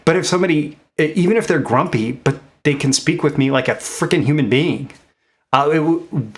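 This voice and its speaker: A marketing coach hosts his own channel, a man giving a casual motivational talk on mindset and business. He speaks conversationally with vocal fry, many fillers and restarts, and rises in pitch on key points.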